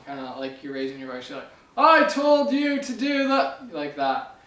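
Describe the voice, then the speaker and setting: A man teaching music theory in a casual, chatty way, full of fillers, joking and correcting himself as he goes. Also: fairly high pitch. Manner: chatty, filler-heavy, playful and self-correcting. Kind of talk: casual explanatory lesson. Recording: roomy sound from a distance, faint hiss.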